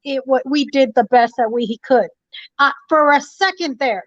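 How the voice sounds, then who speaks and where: This caller is a woman with a high voice who speaks at a moderate pace, heard through a dull lo-fi phone connection with no room sound. She phones into a talk show and argues passionately, preaching and repeating herself.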